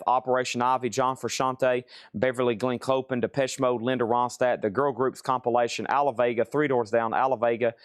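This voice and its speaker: A man's voice: mid-range voice, smooth, no echo, studio quality. Casual man running a live record sale. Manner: brisk auctioneer-style listing, casual asides. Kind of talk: live-stream sales patter. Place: record store with crates and tables.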